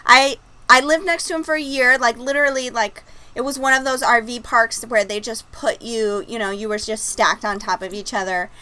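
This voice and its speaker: A woman's voice: a little high, fairly even intonation, moderate pace, pushed and bright, clean tone, poor audio. A woman, hosting a video-call chat and telling stories with a laugh. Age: 30s. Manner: chatty, laughing storyteller. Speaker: host. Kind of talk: casual livestream chat.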